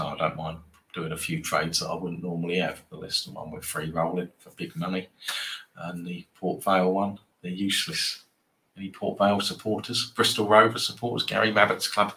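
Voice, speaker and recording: A man's voice: deep voice, bright, forceful tone, slight background noise. A man hosting a live football trading stream, chatting casually and bantering with viewers in a rambling way.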